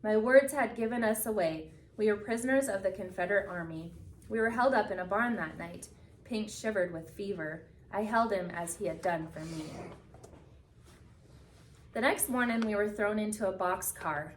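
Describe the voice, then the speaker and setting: A woman reading a picture book aloud with expressive storytelling, slowing down for the solemn moments. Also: medium pitch, a little hiss or hum. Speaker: reader. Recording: echoey room from a distance.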